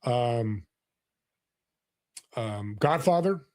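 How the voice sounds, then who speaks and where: Man, 60s, interview guest, earnest storyteller, mid pitch, casual. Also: very slow. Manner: earnest, animated storyteller with frequent restarts. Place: California.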